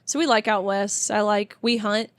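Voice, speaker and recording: Female guest, 20s, mid pitch, chatty and emphatic, dry sound. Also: steady tone, normal speed, clean tone, no echo. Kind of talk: casual interview chat. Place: tour bus.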